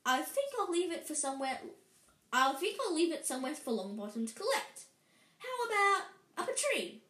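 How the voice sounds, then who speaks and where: A woman's voice: fairly high pitch, sing-song, measured pace. A woman reading aloud and voicing a sneering, spiteful schoolboy bully in a mocking tone, in a roomy space. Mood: taunting. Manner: mocking, taunting. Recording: roomy echo.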